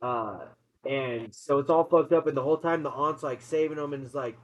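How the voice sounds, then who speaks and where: A man retelling a horror film's plot in a casual, excited, swear-heavy chat, laughing as he goes. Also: medium pitch, a little fast, slight background noise. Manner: excited, profane, laughing storyteller. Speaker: co-host, movie reviewer. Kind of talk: casual movie review chat. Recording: dull lo-fi sound.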